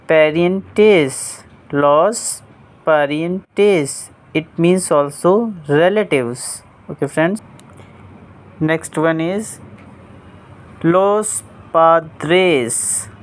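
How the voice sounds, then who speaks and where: A young man teaching Spanish family words, repeating each term carefully and clearly. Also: on the high side. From India. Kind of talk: vocabulary lesson, word by word.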